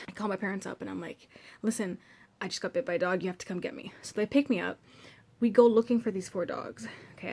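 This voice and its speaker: A young woman vlogger in her twenties, casually retelling a story with lots of quoted dialogue, animated and chatty. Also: mid-range voice. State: out of breath and shaken.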